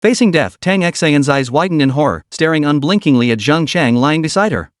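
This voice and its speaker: Male narrator, scripted story narration, dramatic, animated pitch. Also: fairly quick, no room sound, studio quality.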